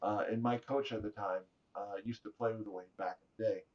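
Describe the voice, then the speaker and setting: A middle-aged man, a podcast guest, telling animated stories in a jokey way and acting out the voices of people he quotes. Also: lowish voice, a little fast. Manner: jokey, acts out quoted voices, laughs often. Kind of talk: animated storytelling. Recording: slightly dull lo-fi audio.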